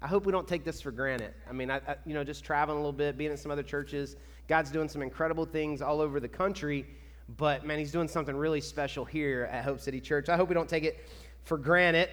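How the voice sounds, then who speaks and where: Enthusiastic pastor in an echoey hall. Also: male voice, fairly high pitch, quick pace. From Kentucky. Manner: excitable, chatty, enthusiastic. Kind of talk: church announcements before a sermon. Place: church sanctuary.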